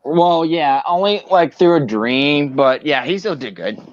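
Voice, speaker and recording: A man's voice: on the high side, measured pace, dry recording. A young man co-hosting a casual podcast chat, speaking hesitantly with many ums and restarts. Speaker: co-host. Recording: dull lo-fi recording.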